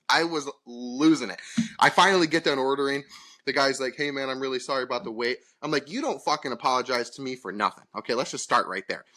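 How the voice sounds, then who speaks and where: A man rants through a story on a casual podcast, swearing freely and acting out the other voices in it. His voice is bright and sits a little high. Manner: profane, exasperated storytelling with voiced quotes. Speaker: podcast co-host.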